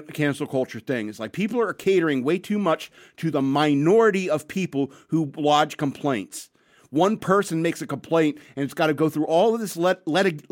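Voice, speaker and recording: Guy with a few beers in him, crude blunt rant, rambly, reads news off a page. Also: on the high side. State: a bit tipsy. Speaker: podcast host. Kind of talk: casual ranting commentary and news reading.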